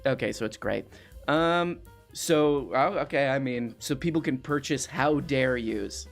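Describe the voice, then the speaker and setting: A man hosting a comedy call-in show as a deadpan straight man, calmly repeating back whatever his guest claims. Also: mid-range voice, unhurried, gravelly, faint music behind.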